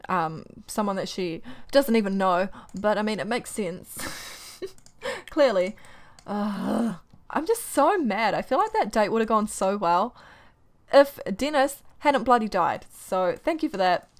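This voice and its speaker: A young woman giving casual let's-play commentary, exasperated and ranting, often breaking into quick laughs. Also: mid-range voice, animated. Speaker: gaming YouTuber.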